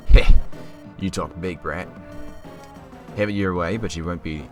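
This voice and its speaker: A man's voice: sits low, a little slow, distant mic. A young man voicing a sneering, bullying enemy soldier in a put-on Australian accent, over game music. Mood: taunting. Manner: mocking, bullying.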